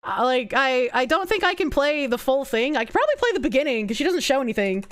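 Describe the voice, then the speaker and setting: A woman with a New Jersey accent streams live and talks back to her chat, crude and quick to laugh. Her voice sits high and leaps wildly between squeals and mutters. She swears freely and shrieks with laughter. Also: sing-song.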